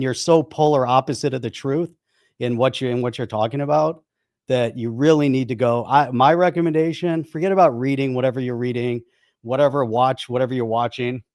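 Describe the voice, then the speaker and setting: A man's voice: mid-range voice, brisk, darkish tone, no room sound. Blunt podcast guy, mid voice, dry close sound, keeps repeating himself for emphasis. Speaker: podcast co-host. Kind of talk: casual chat.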